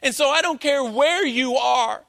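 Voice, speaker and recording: Guy preaching in church, really high bright voice, slow drawn out delivery. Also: creaky. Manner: preaching with slow dramatic emphasis, acting out quoted dialogue. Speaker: pastor. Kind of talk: sermon. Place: church sanctuary.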